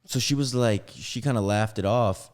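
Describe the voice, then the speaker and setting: A young man on a podcast casually tells a rambling story, animatedly acting out what each person said. His voice is on the low side at normal speed.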